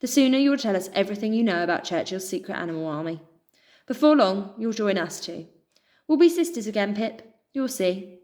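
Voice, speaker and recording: A woman voicing a cold, scheming female pigeon with a German accent, calm and cooing. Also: medium pitch, fast, close to an everyday voice. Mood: menacing.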